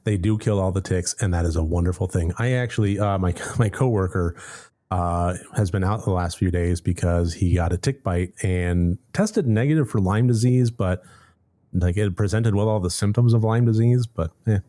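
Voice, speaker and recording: A man's voice: low-pitched, moderate pace, dark tone. A man playing a story game, reading its text aloud and making wry, sarcastic asides. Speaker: let's play gamer.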